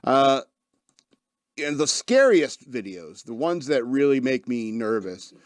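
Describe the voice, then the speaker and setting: A man's voice: mid-range voice, dry recording, clean studio sound. A man hosting a podcast, talking casually and wryly, rambling and laughing at his own stories. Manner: wry, rambling, laughs often, self-deprecating. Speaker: podcast host. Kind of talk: casual chat.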